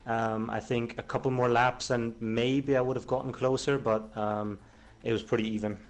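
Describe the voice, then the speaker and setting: Racing driver, mid-pitched man, calm answers full of fillers. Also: normal speed. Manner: steady answers broken by ums and uhs. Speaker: racing driver, second place. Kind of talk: post-race interview.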